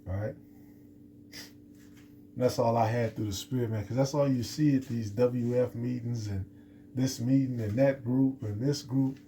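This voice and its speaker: A man's voice: mid-range voice, steady tone, moderate pace, long pauses, dark tone, a little hiss or hum. A man giving an unscripted scripture lesson, rambling with many restarts and fillers. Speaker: scripture teacher.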